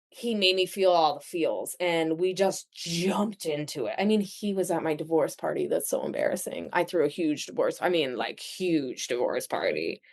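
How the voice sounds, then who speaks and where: A woman in her thirties tells her own story as a podcast guest, with lots of fillers and a casual flow. Her voice sits on the low side for a woman, and her pitch swings widely as she talks. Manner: chatty, animated, lots of fillers.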